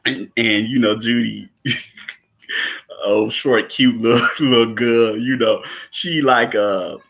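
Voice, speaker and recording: A man casually recapping a film scene, laughing often, repeating words and acting out quotes in a higher voice. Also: slow, vocal fry, fairly bright tone.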